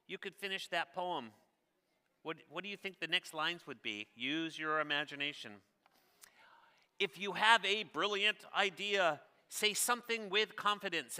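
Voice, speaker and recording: Bright, upbeat man reading aloud in a hall. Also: high voice, clean tone. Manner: upbeat, encouraging, asks the audience questions. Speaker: children's author reading aloud. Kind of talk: interactive read-aloud for children. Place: large theater stage. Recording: long reverb of a theater hall.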